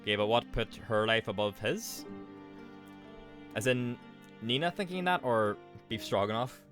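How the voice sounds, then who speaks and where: A man's voice: mid-range voice, measured pace, fairly bright tone. A man streaming a mystery game, commenting casually and swearing freely as he reacts. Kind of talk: casual let's-play commentary. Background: game music.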